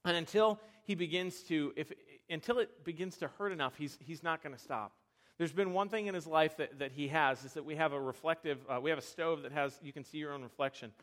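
A young male pastor with a high, bright-sounding voice preaches to a live audience. He tells animated, self-deprecating stories and restarts his sentences often. His delivery stays lively from one story to the next. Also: brisk. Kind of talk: sermon with personal stories.

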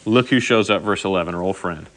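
A man's voice: deep voice, quick pace. A middle-aged man preaching a sermon, telling stories in a conversational way and often checking in with "okay?". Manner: conversational, animated storytelling with frequent "okay?" asides. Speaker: pastor.

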